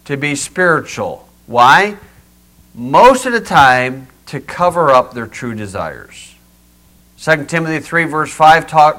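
Man, preacher, sermon, bright ringing voice, rhetorical questions, folksy humor, small church. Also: on the high side. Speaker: pastor.

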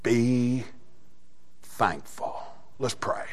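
A man preaching a sermon, telling a story in a folksy way that swings between quiet talk and shouted exhortation. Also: mid-range voice, drawn-out words.

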